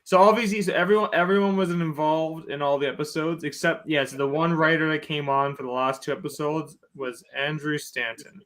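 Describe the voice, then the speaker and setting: Easygoing male co-host, somewhat high voice, casual chat. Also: steady tone, brisk, few pauses, a bit bright. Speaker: podcast co-host.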